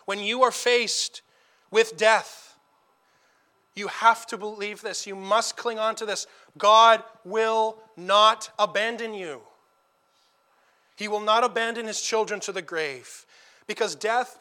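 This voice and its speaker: A man preaching a sermon, earnest and emphatic. He drops quiet for a story, then builds to loud declarations. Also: high-pitched.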